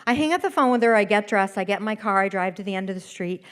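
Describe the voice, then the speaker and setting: A woman telling a funny personal story live on a theater stage, animated and laughing at her own lines. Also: medium pitch, fast, smooth.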